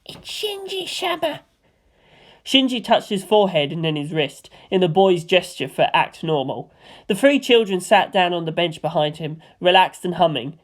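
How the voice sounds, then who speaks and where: A woman reading a fan-written story aloud in a lively, expressive way. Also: lowish voice. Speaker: fanfic reader.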